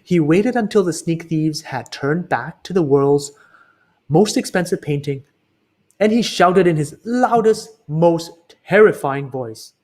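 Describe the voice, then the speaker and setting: A man reads a children's book aloud with a lively, sing-song delivery. His voice sits a little high and has a husky grain. He slows down on key words for emphasis. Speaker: reader.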